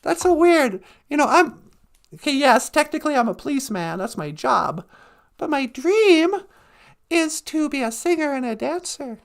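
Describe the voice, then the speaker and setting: A chatty police officer, as a male storyteller puts him on confides casually. The voice is high and gravelly. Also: very animated, moderate pace, exaggerated voice. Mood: confiding. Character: friendly male policeman, secretly a dreamer.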